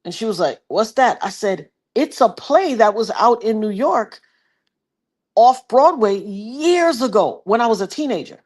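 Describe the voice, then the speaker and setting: A woman's voice: on the high side, unhurried. A woman in her fifties telling a personal story in a casual livestream, acting out the voices of the people she quotes and talking about prophecy like a preacher. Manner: animated retelling, acts out quoted voices; preachy, talks of prophecy and God.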